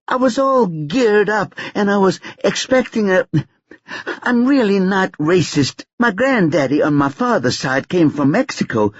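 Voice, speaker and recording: A man's voice: high-pitched, no room sound, pitched above the performer's own voice. A man voicing a rattled American woman. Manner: fast, breathless, rambling. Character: anxious American woman talking in a rush. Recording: dull lo-fi dry recording.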